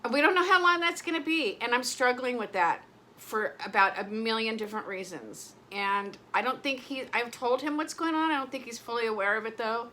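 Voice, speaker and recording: A woman's voice: a little high, fairly quick, pushed and bright. A middle-aged woman vlogging in casual chat, rambling and emotional, often breaking off mid-sentence. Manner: rambling, emotional, self-interrupting.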